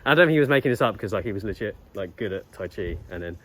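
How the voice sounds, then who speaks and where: A man's voice: lowish voice, expressive, rapid-fire, a bit bright. A young man vlogging, telling a story in a laid-back, rambling way with lots of fillers and restarts. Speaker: travel vlogger. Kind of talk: casual storytelling vlog.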